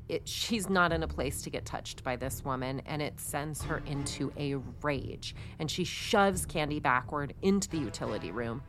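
A woman's voice: low-pitched, a bit bright, slight background noise. A woman co-hosting a podcast, telling a true-crime story in a chatty, casual way with many fillers. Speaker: podcast co-host.

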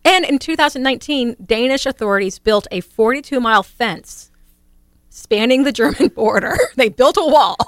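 A woman's voice: a little high, lively intonation, moderate pace, dry recording, studio quality. A woman podcast host reading out quirky news stories in a casual, giggly way.

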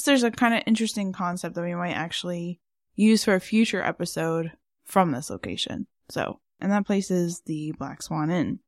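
A woman's voice: fairly low pitch, no room sound, studio quality. A woman co-hosting a podcast in casual chat, rambling with lots of fillers. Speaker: podcast co-host.

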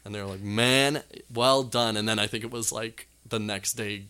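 A man's voice: fairly low pitch, level tone, fast, pushed and bright, smooth. A young man, a comedian guest, telling long, rambling anecdotes in casual chat. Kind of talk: casual storytelling.

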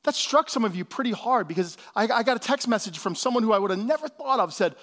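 A man's voice: high-pitched, animated, fast, a bit bright. A male pastor giving a sermon in a casual, conversational way, with slangy asides.

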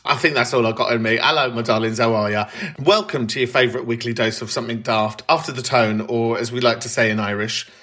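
A man's voice: mid-range voice, fairly even intonation, quick pace, hardly any pauses, fairly bright tone. Sweary, playful podcast host man. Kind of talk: casual comedic monologue.

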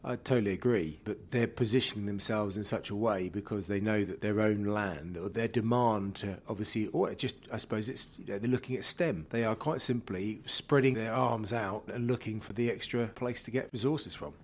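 A man's voice: lowish voice, brisk, few pauses. A man in a casual discussion, explaining at length, hedging and restarting his sentences.

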